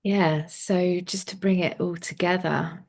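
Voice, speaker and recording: A woman co-leading a spiritual self-help class, speaking in a calm, reflective, thoughtful way. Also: on the low side, measured pace. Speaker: co-facilitator.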